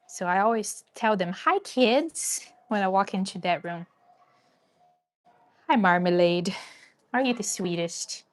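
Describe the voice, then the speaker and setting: A woman hosting a casual livestream from loud animal shelter kennels, cooing baby talk at the dogs as she films on a phone. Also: medium pitch. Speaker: livestream host. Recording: noisy kennel with barking dogs. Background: barking dogs.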